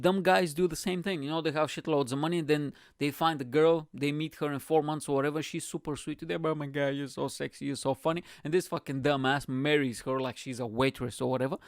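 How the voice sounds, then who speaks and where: A man's voice: mid-range voice, no room sound, clean studio sound. A man hosting his own podcast, ranting casually and profanely, saying bro a lot. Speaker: podcast host. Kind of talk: casual comedic rant.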